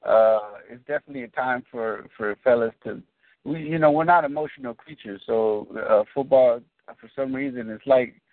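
A man co-hosting a casual sports podcast, rambling and restarting his sentences, getting animated when he explains a point. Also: mid-range voice, moderate pace. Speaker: podcast co-host. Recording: dry, phone-like lo-fi audio.

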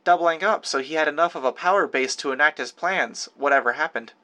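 A wry, knowing young woman speaks in quick, teasing lines, pitched up by a male audiobook narrator, always sure of herself. Her voice sits noticeably higher than the reader's own. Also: pushed and bright.

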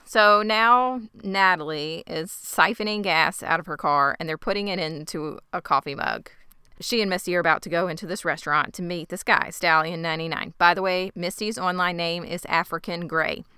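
A woman with a bright, very crisp voice recaps a TV show in a wry, playful way, sometimes acting out the lines. Her voice sits slightly low, and the sound is dry and close to the mic. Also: steady tone, fairly quick, dry recording. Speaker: podcast co-host. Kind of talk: casual TV recap chat.

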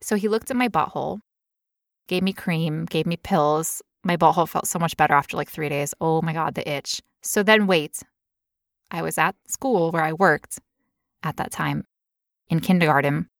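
A young woman telling a long personal story in casual chat, animated and full of "like". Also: sits low, normal speed, vocal fry, dry recording, clean studio sound.

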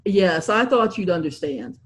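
A breezy, jolly English gentleman who never loses his cool, read out by a woman. He speaks with lively, swinging inflection and never lowers his voice to sound gruff. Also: measured pace. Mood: smooth. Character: unflappable posh English gentleman, man.

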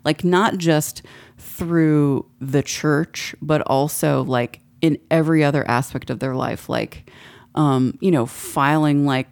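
Low gravelly woman, slow rambling podcast chat, swears a lot. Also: fairly even intonation, a little mellow. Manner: rambling, frequent profanity. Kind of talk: casual chat.

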